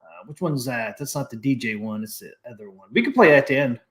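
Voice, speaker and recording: A man's voice: mid-range voice, lively intonation, quick pace. Laid-back man reading stream chat. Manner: laid-back, reads chat messages aloud. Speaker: host of a live stream show. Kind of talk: casual live stream chat.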